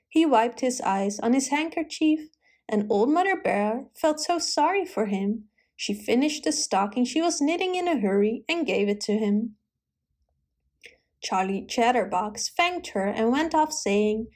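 A woman reading a children's Christmas story aloud in a gentle, rhythmic way. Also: on the high side, expressive, unhurried.

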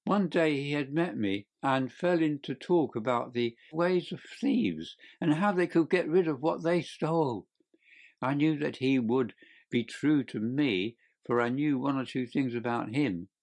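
Speaking unhurriedly in a darkish tone, a man voices a young male thief for an audiobook. The thief is in a panic, confessing and begging in a shrill, crackling, desperate way.

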